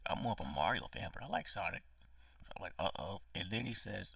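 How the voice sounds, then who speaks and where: A man's voice: on the low side, very animated, quick pace, vocal fry, pushed and bright, slightly rough, no room sound, far from the mic. A man giving a casual spoken movie review, ranting with emotion and profanity, sometimes dropping to a whisper.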